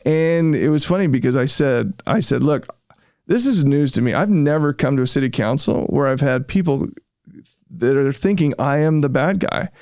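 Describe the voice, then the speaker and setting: A man, a real estate developer being interviewed, telling his story in a casual, animated way and often acting out what he said at the time. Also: medium pitch, moderate pace, no room sound, clean studio sound. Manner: animated, reenacts his own past remarks, frequent fillers.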